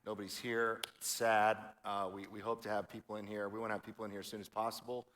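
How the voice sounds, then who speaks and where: A man co-hosting a church show, chatting in a relaxed, friendly way and signing off to viewers with fillers like uh and um. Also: lowish voice, fast, slight background noise. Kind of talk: casual chat and sign-off. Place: large empty church auditorium.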